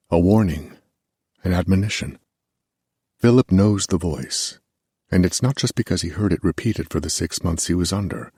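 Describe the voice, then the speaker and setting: A male audiobook narrator with a very deep, husky, darkish voice reads a scripted passage. The recording is dry and studio quality.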